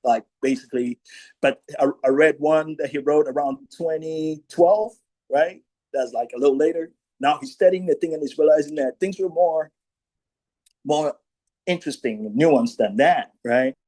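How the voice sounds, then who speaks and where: Mellow-voiced man lecturing casually. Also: a little high, normal speed, poor audio. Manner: conversational, full of "you know" and "right?" tags; reads quoted speeches aloud, then comments. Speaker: speaker at a commemoration talk. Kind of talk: informal history lecture.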